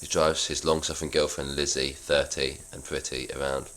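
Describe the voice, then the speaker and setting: A young man reading his own old script aloud in a flat, halting way, with self-mocking asides. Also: very deep voice.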